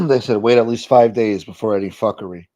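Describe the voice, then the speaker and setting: A man's voice: fairly low pitch, sing-song, moderate pace, gravelly, dark tone. A middle-aged man hosting a live stream, chatting casually and profanely as he reacts to viewer comments. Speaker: live stream host reading chat. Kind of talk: casual chat. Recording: dull lo-fi audio.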